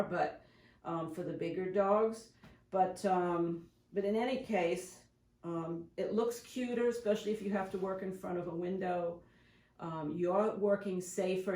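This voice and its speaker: A woman who is a professional dog groomer and shop owner, giving chatty, rambling how-to advice in a grooming salon. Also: medium pitch. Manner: chatty and rambling, often acting out examples. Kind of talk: casual instructional talk to camera. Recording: echoey room.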